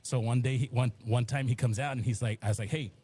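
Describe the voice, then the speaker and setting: A middle-aged man from Texas's Rio Grande Valley, a musician appearing as a radio guest, chats casually and spins rambling stories, acting out the quotes. His mid-range voice is husky and warm, steady in tone and quick in pace, with faint music playing behind him.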